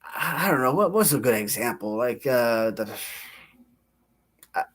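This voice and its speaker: With lively intonation and a slightly bright, mid-range voice, a man in his thirties runs a casual livestream at a measured pace. As channel host he rambles between stories, pokes fun at himself, laughs a lot and often restarts.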